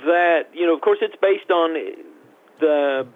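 A man reviewing a film in casual radio chat, halting and repeating words as he talks. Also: on the high side, narrow, tinny audio.

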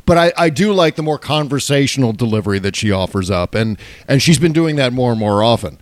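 A man co-hosting a casual political talk show, animated and mocking, quick to agree with his partner. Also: mid-range voice, dry recording. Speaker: co-host.

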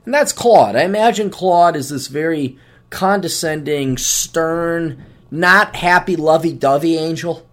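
A man's voice: a little high, measured pace, a bit bright. A man hosting a podcast, rambling profanely and mocking himself in a casual solo monologue. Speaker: podcast host.

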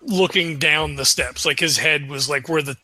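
Male player, bright and fairly high voice, loose chatty delivery. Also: normal speed. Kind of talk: casual tabletop play.

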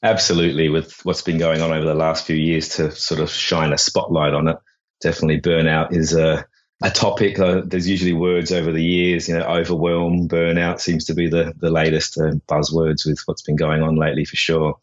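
A man with a very low voice talks as a podcast guest in a loose, chatty way. The audio is dull and lo-fi. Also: flat delivery, brisk. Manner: chatty, with fillers and restarts. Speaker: author and burnout coach, podcast guest. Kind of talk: casual interview talk.

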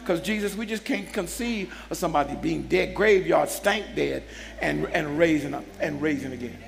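A man preaching a sermon as a bishop, calling out to the congregation and building into shouts. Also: a little high, moderate pace, creaky. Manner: call-and-response preaching, swells into shouts. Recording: long hall reverb with faint music.

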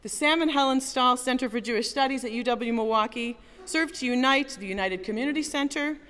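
A woman's voice: sits high, fairly quick, a bit bright. A woman giving an earnest, emphatic speech at a community event, building rhythmic lists. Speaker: event speaker. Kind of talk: rally speech. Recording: reverberant hall.

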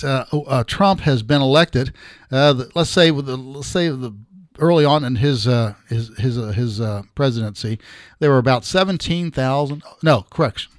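A man's voice: medium pitch, no echo. Middle-aged man, podcast host, rambling blunt commentary, dry close sound. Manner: rambling, halting, with many restarts; blunt and sarcastic. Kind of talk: casual political commentary.

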